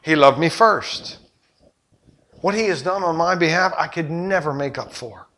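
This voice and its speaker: An older man preaching a sermon as a pastor, with rhetorical questions and passion that surges loud and then drops low. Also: expressive, unhurried. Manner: impassioned preaching, rhetorical questions, surging and dropping loudness.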